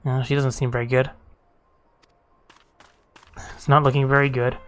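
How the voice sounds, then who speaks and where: A man's voice: mid-range voice, little pitch movement, normal speed, fairly bright tone, clean tone, faint music behind. A man giving casual, wry gameplay commentary as a let's play host, with casual swearing.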